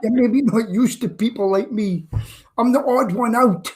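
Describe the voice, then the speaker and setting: A man's voice: extremely high pitch, measured pace, slight background noise. A man with a Scottish accent, a guest chatting on a live-stream talk show, cracking jokes and telling stories. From Scotland. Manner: joking, chatty storyteller. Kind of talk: casual chat.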